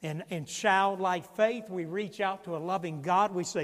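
A male pastor preaching a sermon in a church, swinging from hushed tones to shouting. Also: high voice, moderate pace, hardly any pauses, long reverb tail. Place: church sanctuary.

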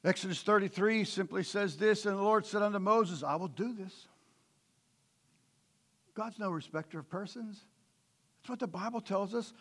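Middle-aged male pastor, high and bright, fiery sermon with soft storytelling stretches. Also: moderate pace, long pauses. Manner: swings from loud preaching to quiet storytelling.

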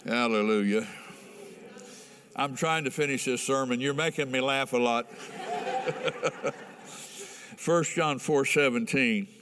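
A man's voice: mid-range voice, fairly even intonation, unhurried, pauses often, fairly bright tone. A middle-aged pastor preaching a sermon in a folksy, emphatic way, asking the congregation questions as he tells a story. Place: church hall with a congregation. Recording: long reverb in a large hall.

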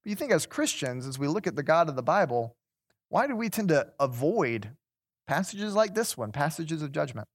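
A man's voice: fairly high pitch, sing-song, normal speed, husky. A man teaching a Bible class. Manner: conversational, repeats words, asks the class questions.

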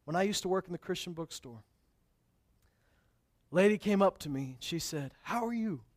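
A man's voice: high voice, moderate pace. A male pastor preaching a sermon, telling stories casually and then building to emphatic, raised declarations.

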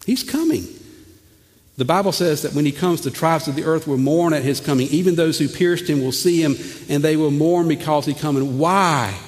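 A man, preaching a sermon in an animated way, stammering over repeated words and swinging from loud to hushed. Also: on the high side, brisk, long reverb tail. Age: 40s. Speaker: pastor.

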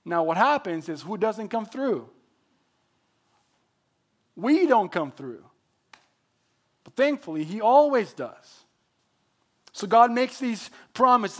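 A man's voice: high voice, big pitch swings, takes it slowly, long pauses, fairly bright tone. A man preaching a sermon as pastor, emphatic, building his points through repetition.

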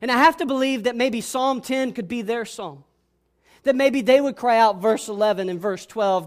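A man preaching a sermon, reading scripture and speaking with passion, often repeating words and dropping to hushed tones. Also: very high voice, normal speed. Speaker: pastor.

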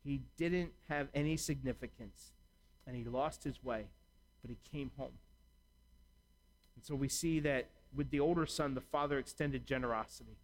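A man's voice: medium pitch, measured pace, long pauses, a little mellow, low-quality recording. A man preaching a sermon in a conversational way, acting out imagined dialogue as he talks. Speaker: pastor.

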